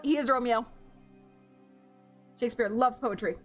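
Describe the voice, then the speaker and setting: A young woman streaming a game, reacting with giggles and excitement and reading the game text aloud. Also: mid-range voice, normal speed, soft background music.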